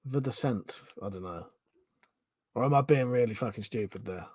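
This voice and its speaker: A man's voice: medium pitch, moderate pace, a little mellow, breathy edge, dry recording. A man with a Home Counties English accent hosting a casual live stream, reading out chat questions, thinking aloud and swearing freely.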